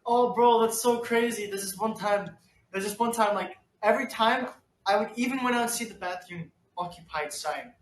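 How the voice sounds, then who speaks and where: Young guy with a pretty high voice, easygoing chat, sounds far from the mic in an echoey room. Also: normal speed. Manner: easygoing, trails off and restarts. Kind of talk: casual chat.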